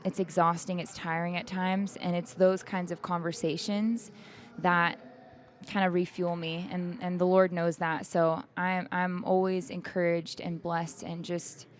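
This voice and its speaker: A woman's voice: lowish voice, little pitch movement, unhurried. A young woman, a singer, chatting candidly in an interview and laughing often as she tells her stories. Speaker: guest singer. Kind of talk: casual interview chat. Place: backstage at an event.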